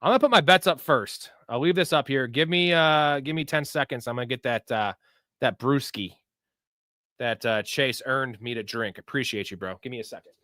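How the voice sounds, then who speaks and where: A man's voice: mid-range voice, moderate pace, pushed and bright, no room sound, studio quality. A young man hosting a live sports betting show, chatting casually and loosely with viewers in profane, hyped-up bro talk. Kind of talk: casual livestream chat answering viewer questions.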